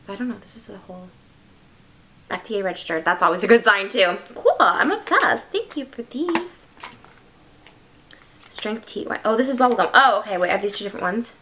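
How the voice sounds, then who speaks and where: A young woman vlogging an unboxing in a bubbly, excitable, gushing way. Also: mid-range voice, brisk, pauses often, a little hiss or hum. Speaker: beauty vlogger. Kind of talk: casual unboxing vlog.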